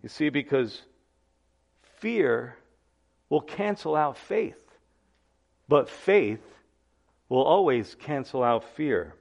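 A man's voice: mid-range voice, lively intonation, takes it slowly, creaky, long pauses, a little mellow, highs cut off. A man preaching a sermon as pastor, emphatic and repeating key phrases, calling his listeners guys.

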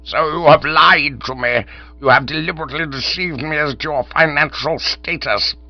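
A man's voice: mid-range voice, moderate pace, no echo, pitched above the performer's own voice, lightly acted. A man voicing an indignant elderly English duke who speaks in stiff, pompous, formal tones, on a dull recording with a mains hum. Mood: outraged.

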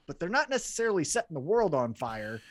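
A man's voice: a little high, quick pace, dry recording. A man co-hosting a wrestling podcast in casual chat, blunt and swearing freely as he tells stories. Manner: blunt, swears, animated storytelling.

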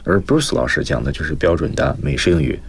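A man's voice: extremely low pitch, very animated, quick pace, vocal fry, a little hiss or hum. A man hosting a radio English lesson, explaining vocabulary and stressing each point for students. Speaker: English teacher, host.

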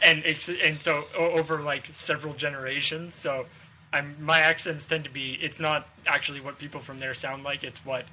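A man's voice: fairly high pitch, steady tone, moderate pace, pushed and bright, slight background noise, rough recording. A man in a casual group chat, rambling and restarting his sentences as he explains himself. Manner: rambling, self-correcting, lots of restarts.

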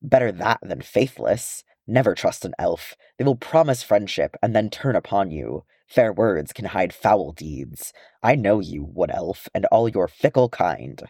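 A burly, proud dwarf, as a man plays him, gruff and blustering. Low and dark, with a close, dry sound. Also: expressive, measured pace, hardly any pauses, no echo, heavily acted. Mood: angry. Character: burly male dwarf, hot-tempered and proud.

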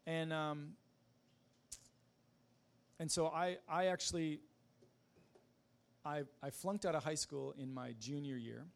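Gravelly man telling his story haltingly. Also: on the high side, steady tone. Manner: halting, with many fillers and restarts, self-deprecating laughs. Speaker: speaker giving a personal testimony. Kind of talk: casual spoken testimony.

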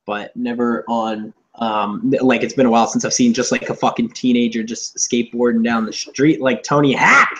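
A man co-hosting a podcast, chatting casually in a rambling, profane way and acting out loud shouted quotes. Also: mid-range voice, steady tone, moderate pace, few pauses, lo-fi sound. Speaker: podcast co-host. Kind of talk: casual comedic chat. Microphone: on camera, seated.

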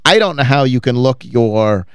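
A man's voice: medium pitch, lively intonation, normal speed, smooth, dry recording. A man co-hosting a radio show in casual banter, with a sardonic, self-deprecating way of talking.

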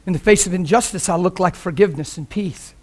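A man preaching as a visiting preacher in a church, passionate and joking, often laughing mid-sermon, sometimes quiet and sometimes loud. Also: sits high, fast.

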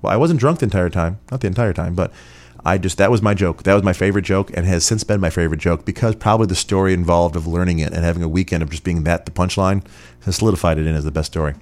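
A man's voice: deep voice, fast talker, darkish tone. A man hosting a podcast, answering listener questions in a rambling, chatty way. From Rochester, New York. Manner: rambling, chatty, many fillers. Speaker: podcast host. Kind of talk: casual listener Q&A.

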